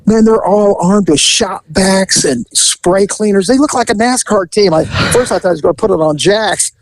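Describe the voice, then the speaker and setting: A man hosting a podcast, telling an animated story in casual chat, acting out the voices and laughing as he goes. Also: sits high, moderate pace, no echo, poor audio.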